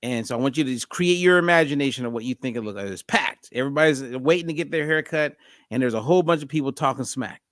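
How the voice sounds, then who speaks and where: A man hosting a podcast, telling a story in a lively, conversational way. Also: mid-range voice, fast, no room sound, clean studio sound. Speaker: podcast host.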